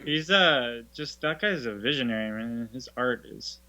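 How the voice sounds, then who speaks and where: A man speaking as a guest in a casual chat, in a relaxed, easygoing way. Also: medium pitch, unhurried. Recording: dull lo-fi sound.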